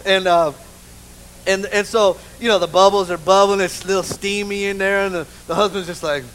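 A man preaching a sermon in church, an animated, humorous storyteller who keeps saying "you know". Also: high voice, brisk, low-quality recording. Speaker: pastor. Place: church with a live congregation.

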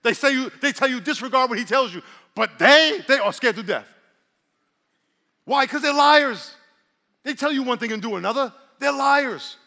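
A man's voice: high-pitched, pushed and bright, big-room sound. A male pastor preaching a sermon, calling on the congregation to respond and slipping in jokes. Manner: preaching with call-and-response and humor.

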